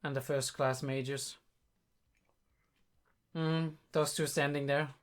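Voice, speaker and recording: A young man, not a native English speaker, hosting a casual reaction video and thinking aloud with many pauses and restarts. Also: mid-range voice, level tone. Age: young adult.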